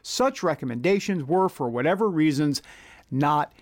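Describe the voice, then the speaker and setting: A man's voice: on the high side, lively intonation, moderate pace, no room sound, studio quality. A man hosting a political commentary monologue, reading out quotes in an indignant, rhetorical manner.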